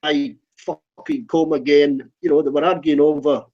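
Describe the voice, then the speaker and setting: A man's voice, on the high side with fairly even intonation, moves at a moderate pace as he rambles through a funny pub story in casual chat. He acts out the quotes in the comic anecdote, and the recording is dull and lo-fi.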